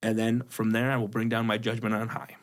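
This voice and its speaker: A young adult man hosting a comedy podcast, telling stories with animated, mock-outraged jokes. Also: fairly low pitch, a little fast. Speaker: podcast host.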